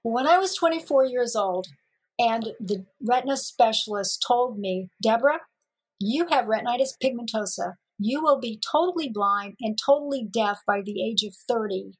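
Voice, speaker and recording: High-voiced, husky woman telling her story. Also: normal speed, low-quality recording. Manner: lively storyteller who acts out dialogue with laughter. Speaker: interview guest. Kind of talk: personal storytelling in an interview.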